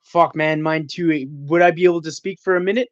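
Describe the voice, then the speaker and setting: A man from Canada on a livestream call, venting in an agitated, profane rush. His voice sits high and sounds dry and close, with dull, lo-fi call audio. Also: fairly even intonation, brisk, dry recording. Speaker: caller, panel guest. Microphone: video call.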